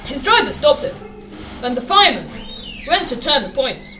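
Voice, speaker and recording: A woman reading a children's storybook aloud in a lively, expressive way. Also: high voice, normal speed, echoey room, far from the mic, music in the background, poor audio.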